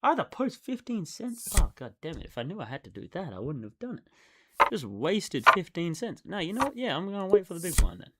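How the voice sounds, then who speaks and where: A man giving casual running commentary as he plays online poker, thinking aloud and swinging from excited outbursts to low muttering. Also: fast talker, heavy background noise.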